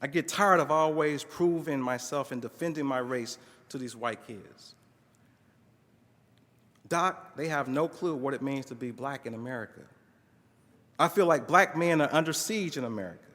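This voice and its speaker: A conference speaker with a mid-range, slightly bright voice reads a case story aloud at a moderate pace. He reads expressively, acting out the dialogue in shifting voices, with the long reverb of a large hall around him.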